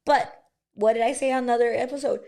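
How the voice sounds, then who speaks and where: A woman's voice: fairly high pitch, fairly even intonation, fast, vocal fry, warm tone. A young woman co-hosting a podcast in casual chat, slangy and sarcastic, laughing often. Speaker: podcast co-host.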